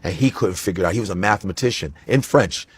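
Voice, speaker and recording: A man in casual conversation, telling stories animatedly and slipping into quick impressions. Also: low voice, husky. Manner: animated storyteller who slips into impressions. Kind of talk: casual chat.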